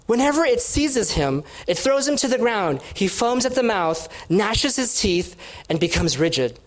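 A woman's voice: medium pitch, sing-song, measured pace. Woman reading as a desperate pleading father.

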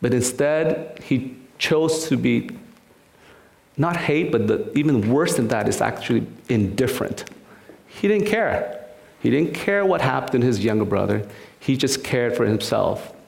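Gravelly man preaching in an echoey room. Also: medium pitch, moderate pace. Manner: earnest, repeats words, acts out quoted voices. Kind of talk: sermon.

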